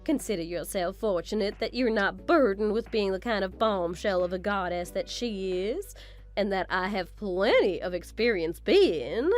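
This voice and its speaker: A woman's voice: mid-range voice, expressive, moderate pace, faint music behind, natural voice. A woman playing a vain, belittling middle-aged mother-in-law in a text-story drama. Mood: boastful. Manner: haughty, belittling, self-admiring.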